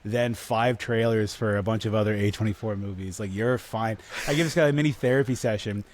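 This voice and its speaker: A man with a fairly low voice rambles through a funny story on a casual podcast. He chuckles at his own punchlines and talks loosely, with plenty of restarts. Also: a little fast. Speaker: podcast co-host. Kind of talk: casual chat, comic anecdote.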